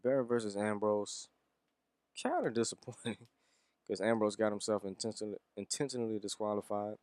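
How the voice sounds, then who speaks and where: A man with a somewhat low voice talks loosely through a wrestling review. He rambles, swears, and chuckles now and then. The recording is close and dry, with no room sound. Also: brisk, darkish tone, no room sound. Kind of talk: casual solo review.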